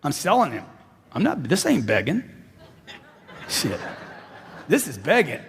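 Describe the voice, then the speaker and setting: A man's voice: fairly high pitch, huge pitch swings, measured pace, gravelly, long pauses, fairly bright tone, slight background noise. A man giving an emphatic motivational stage speech, repeating lines for effect and firing questions at the crowd. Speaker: motivational speaker. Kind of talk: live stage speech to an audience. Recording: long hall reverb.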